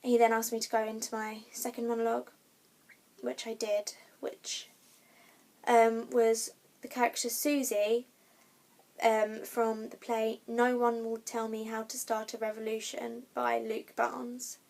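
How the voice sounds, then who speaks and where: A woman's voice: fairly high pitch, little pitch movement, measured pace, creaky, a little mellow. A young woman vlogger chatting casually to camera, with frequent ums and restarts as she tells her story. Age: young adult.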